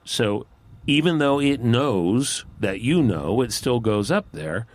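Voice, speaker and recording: A man telling a fable at a live campfire gathering outdoors, in a folksy, unhurried, conversational way. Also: medium pitch, animated. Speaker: storyteller. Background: faint outdoor ambience.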